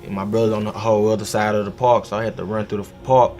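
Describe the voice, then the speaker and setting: Guy telling it straight, low monotone voice, soft music in the back. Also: fast. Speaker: interviewee, brother of a shooting victim. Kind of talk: documentary interview.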